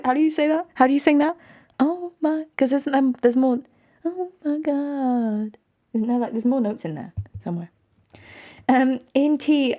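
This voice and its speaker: A woman's voice: a little high, darkish tone. A young woman streaming live, chatting with her viewers in a giggly way and laughing often between sentences.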